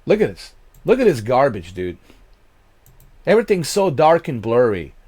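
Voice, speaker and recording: Angry gaming-channel ranter, male, wildly swinging pitch, dry close sound, profane outbursts. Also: very animated, normal speed, husky, no room sound. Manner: profane, shouting in bursts. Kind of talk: angry rant commentary.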